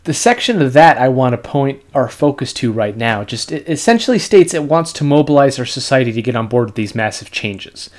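A man hosting a casual podcast in a sarcastic, meandering way. He piles up asides and filler words as he talks things through. His pitch sits in the middle for a man. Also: animated, a little fast, few pauses. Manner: sarcastic, rambling, many "you know" fillers. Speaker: podcast host. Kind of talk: casual political podcast chat.

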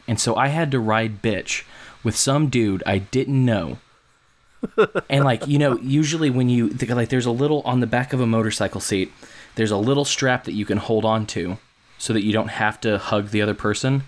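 A man co-hosting a podcast, telling a long story in a rambling, animated way and acting out what people said. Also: medium pitch, moderate pace. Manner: rambling, animated, acts out quotes. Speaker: podcast co-host. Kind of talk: casual storytelling chat.

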